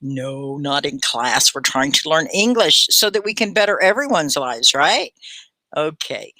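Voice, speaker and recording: A woman teaching English live online, her bright voice rising and falling in lively swoops. She chats encouragingly with her students, and the sound is close and dry, with no room around it. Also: deep voice, unhurried, dry recording. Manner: warm, encouraging, chatty with viewers. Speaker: ESL teacher hosting a livestream class.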